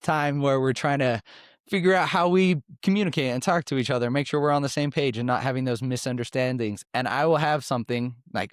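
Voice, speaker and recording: A young married man hosting a podcast, talking candidly and haltingly about his own life. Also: mid-range voice, clean tone, no room sound, studio quality. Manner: candid, halting, with many restarts. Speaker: podcast host. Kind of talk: casual chat.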